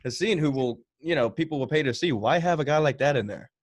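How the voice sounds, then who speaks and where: A man hosting a casual podcast, reacting loudly with groans and disgust. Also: a little high, fast talker.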